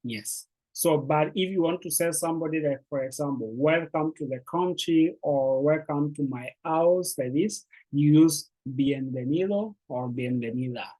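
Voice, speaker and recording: Patient, encouraging beginner-lesson teacher with a slightly husky tone and an unhurried pace. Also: mid-range voice, warm tone, poor audio. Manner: patient, repeats words slowly for learners. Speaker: language teacher.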